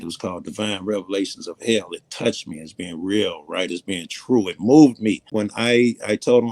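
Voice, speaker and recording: A man's voice: on the low side, dry recording. A man telling long, earnest stories in a casual, rambling way, swearing freely. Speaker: guest storyteller. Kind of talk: casual storytelling.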